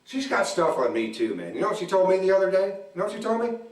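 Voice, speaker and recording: A man in his forties doing stand-up comedy at a church event, telling deadpan stories about his marriage and acting out both sides of the arguments. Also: sits high, fast. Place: church hall. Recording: echoey hall, mic from a distance.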